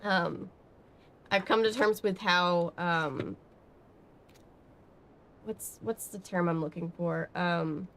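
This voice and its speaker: A woman's voice: lowish voice, fairly even intonation, slow pace, long pauses, a bit bright. A woman streaming from home, chatting casually and rambling with many fillers while she answers her chat. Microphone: webcam setup.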